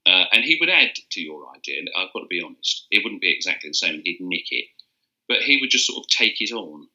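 Older man, low bright voice. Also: very animated, brisk, lo-fi sound. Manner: rambling storyteller with restarts and chuckles. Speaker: interview guest, advertising copywriter. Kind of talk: casual anecdotal interview.

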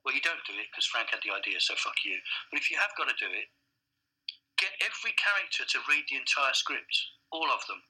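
A man in a casual interview, a blunt and animated storyteller who swears freely. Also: medium pitch, fairly quick, slightly rough, rough recording. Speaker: advertising director, guest.

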